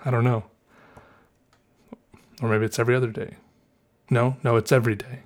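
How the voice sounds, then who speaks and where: A man's voice: medium pitch, level tone, normal speed. Rambling Southern man musing aloud. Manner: meandering, self-correcting, musing aloud. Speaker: vlogger. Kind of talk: casual rambling monologue.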